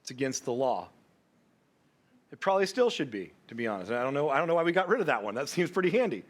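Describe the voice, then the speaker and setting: A man's voice: medium pitch, sing-song, quick pace. A man preaching a sermon as pastor, telling a story with humor and acting out the people in it. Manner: storytelling with humor, acts out quoted voices.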